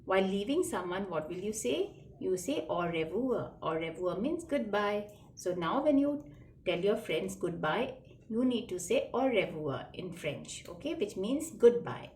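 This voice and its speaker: A woman's voice: medium pitch, darkish tone. Patient woman teaching children French. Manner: patient, repetitive, spells words letter by letter. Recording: echoey room, faint background noise.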